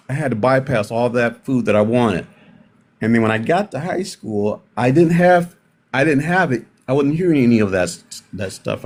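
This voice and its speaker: A middle-aged man from Milwaukee tells personal stories on a discussion panel, unhurried and reflective, often pausing to restart his sentences. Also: on the low side, a little mellow. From Milwaukee, United States. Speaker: panel participant.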